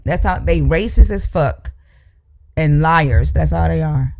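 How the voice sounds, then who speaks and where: A live-stream host with a drawl, talking into a streaming mic at a middling pitch. The delivery is blunt and salty, hammering the same demand again and again in a heated back-and-forth with callers. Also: measured pace, gravelly. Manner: blunt, profane, repeats demands insistently. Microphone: live-stream microphone.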